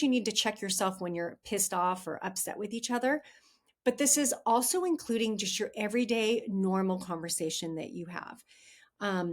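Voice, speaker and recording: A woman hosting a podcast, giving relationship advice in a chatty, candid way and talking straight to her listeners. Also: medium pitch. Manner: chatty and candid, addresses listeners as "you guys". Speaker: podcast host, relationship coach. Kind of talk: casual advice monologue.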